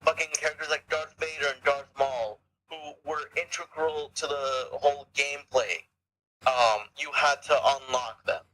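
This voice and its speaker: A man's voice: on the high side, fairly even intonation, normal speed, pushed and bright, low-quality recording. A man co-hosting a gaming podcast in casual chat, rambling with many stammered restarts and frequent swearing. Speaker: podcast co-host.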